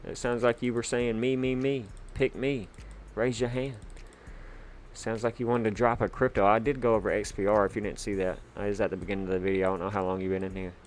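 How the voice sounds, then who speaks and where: A man hosting a casual livestream, chatty and excitable, with lots of fillers, shout-outs and sudden bursts of hype. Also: lowish voice, racing, few pauses, a little hiss or hum. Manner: hyped, chatty, full of fillers. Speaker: livestream host.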